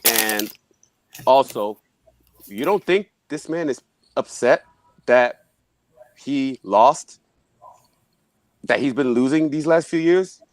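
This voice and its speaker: A man's voice: medium pitch, expressive, slow, long pauses, no echo. A man arguing football picks on a casual panel, emphatic and brash, swearing for emphasis.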